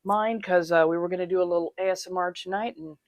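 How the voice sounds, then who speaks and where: A woman's voice: lowish voice, steady tone, quick pace, no room sound, clean studio sound. A woman hosting a casual livestream, chatting with viewers, laughing often and calling them darlings. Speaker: livestream host.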